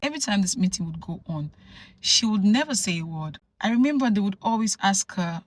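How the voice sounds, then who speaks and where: A woman from Nigeria telling a personal story to camera in an animated, conversational way, full of asides. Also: mid-range voice, fairly quick. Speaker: vlogger. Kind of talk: storytelling vlog.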